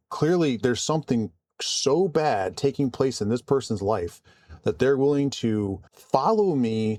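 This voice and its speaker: A man vlogging casually about his work, calm and conversational with frequent restarts. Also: mid-range voice, no echo. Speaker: vlogger and IT support worker. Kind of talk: casual storytelling to camera.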